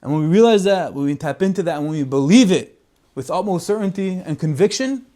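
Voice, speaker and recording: A man giving a Torah talk as a lively story, mixing in Hebrew and Yiddish words. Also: high voice, fairly quick. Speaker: Torah speaker.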